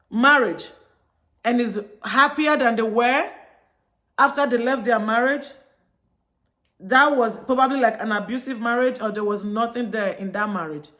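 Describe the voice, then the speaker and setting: With a voice on the high side and a bit bright, a female vlogger from Chicago chats to her audience. Her casual monologue is a story in which she acts out both halves of the conversation.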